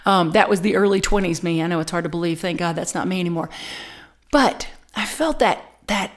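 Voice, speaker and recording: A middle-aged woman minister preaching a sermon, telling a personal story with lively, animated delivery and frequent repeats and restarts. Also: on the low side, a little fast. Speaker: spiritual community minister.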